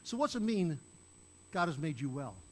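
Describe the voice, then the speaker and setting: Animated preaching man, higher voice. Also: moderate pace, rough recording. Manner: animated, acts out Bible characters in raised voices. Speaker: pastor. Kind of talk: sermon.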